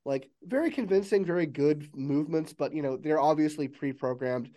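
A man's voice: fairly high pitch, moderate pace, warm tone. A man running a tabletop game as game master, narrating loosely with many fillers.

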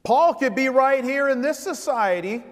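A man's voice: very high voice, expressive, normal speed, long reverb tail. A man preaching a sermon as vicar, driving points home with repeated rhetorical questions.

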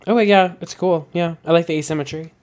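A man's voice: fairly high pitch, steady tone, fast talker, a little mellow. Wry, teasing male podcast co-host. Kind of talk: casual recap chat.

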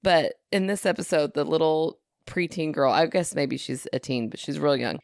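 A woman in her thirties chats on a podcast in a lowish voice, rambling through anecdotes with plenty of fillers. The recording is dry and close. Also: moderate pace, creaky, a little mellow, no room sound. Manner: rambling, chatty storyteller with fillers. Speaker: podcast co-host. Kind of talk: casual chat.

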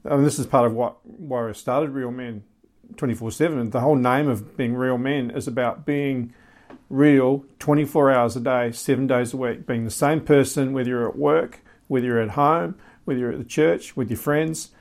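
A man's voice: mid-range voice, fairly even intonation, normal speed, darkish tone. A man hosting a podcast for men, encouraging his guest and asking probing questions. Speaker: podcast host. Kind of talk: interview podcast.

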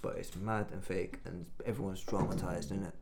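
A man's voice: sits low, fairly even intonation, fairly quick, gravelly, noisy background. A young English man in casual podcast chat, a slangy storyteller who swears a lot and acts out other people's voices. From England. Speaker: podcast co-host.

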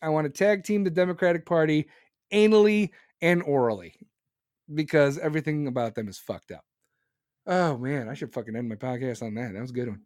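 Loud, crude man ranting, dry close sound. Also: a little high, fairly quick, dry recording. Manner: angry, crude, swings into mocking laughter. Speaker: podcast host. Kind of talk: profane political rant.

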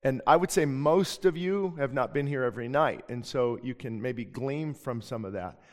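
Earnest pastor preaching in a reverberant hall. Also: male voice, medium pitch, moderate pace. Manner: earnest, emphatic, with frequent restarts. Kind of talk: sermon. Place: church sanctuary. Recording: long reverb of a church hall.

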